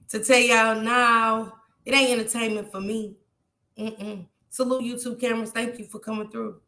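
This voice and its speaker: A woman with a slightly high, bright and forceful voice speaks in an echoey room. On her livestream she gets emotional and tearful with viewers, reading out what they type in chat.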